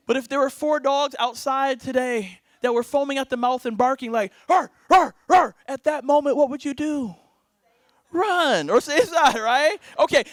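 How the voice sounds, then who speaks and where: High-voiced, lively male keynote speaker. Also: dry recording. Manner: energetic, keeps asking the crowd "right?"; laughs often, acts out bits. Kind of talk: motivational keynote speech. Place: event stage before a live audience.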